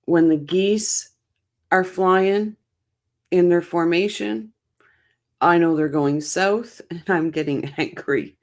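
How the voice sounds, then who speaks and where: Slow-talking chatty Canadian woman. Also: fairly low pitch. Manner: chatty, reads viewer comments and places aloud. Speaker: livestream host. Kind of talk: casual chat reacting to a live court stream.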